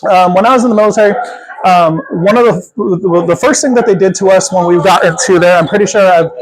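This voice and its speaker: Upbeat dog trainer giving live coaching to a client, encouraging, keeps checking in, mid-range pitch. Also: quick pace, slight background noise, low-quality recording. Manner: encouraging, repeats checking questions.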